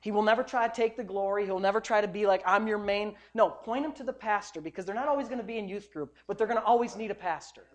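Speaking at a very fast clip with few pauses, this high-voiced pastor delivers a sermon straight to the people before him. His style is conversational and emphatic, moving from forceful, loud points to soft asides.

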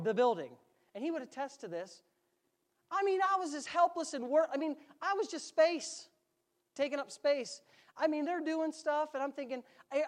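Male pastor, conversational sermon, easygoing jokes with the congregation, church sanctuary. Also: sits high.

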